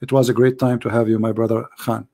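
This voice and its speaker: A man with an Arabic accent hosting a live call-in show, hoarse from losing his voice, preaching fervently and rising to emphatic declarations. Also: mid-range voice, little pitch movement, fast talker, warm tone.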